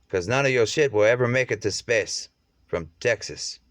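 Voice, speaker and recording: Guy with a lowish voice ranting and jumping topic to topic, swears a lot, dry close sound. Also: animated, measured pace, fairly bright tone, dry recording. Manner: rambling, profane, jumps between topics. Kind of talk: rambling monologue.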